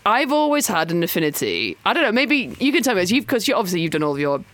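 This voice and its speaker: A young woman with a Northern English accent hosts a relaxed podcast conversation. Her pitch sweeps up and down with lively swings, and the recording sounds close and dry. She laughs easily and often lets her sentences trail off. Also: fast talker, dry recording. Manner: chatty, laughs often, trails off mid-thought. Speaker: podcast host. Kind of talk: casual chat.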